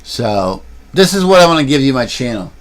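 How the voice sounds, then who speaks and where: Man, casual livestream chat, rambling storyteller, handheld camera, mid-pitched voice. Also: very animated, a little fast. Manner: chatty storyteller, rambles with restarts and asides. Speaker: streamer and vlogger.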